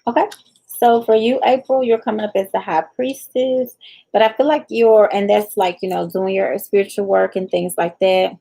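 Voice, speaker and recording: Gravelly-voiced woman giving tarot readings. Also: medium pitch, steady tone, moderate pace, warm tone, poor audio. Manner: chatty, talks straight to viewers by name. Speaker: tarot reader hosting a live reading. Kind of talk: casual live tarot reading.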